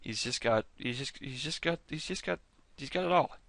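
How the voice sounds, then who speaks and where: A man's voice: mid-range voice, animated, normal speed, vocal fry, a bit bright, dry recording. A man hosting a fan video, chatting casually over clips with enthusiasm, rambling and often stopping to correct himself. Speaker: fan video host ranking characters.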